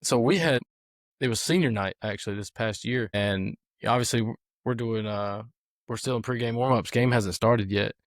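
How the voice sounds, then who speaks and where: A man's voice: lowish voice, moderate pace, no room sound, clean studio sound. Man rambling through a coaching story. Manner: rambling anecdotal storyteller with many fillers. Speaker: football coach and podcast host. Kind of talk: casual storytelling chat.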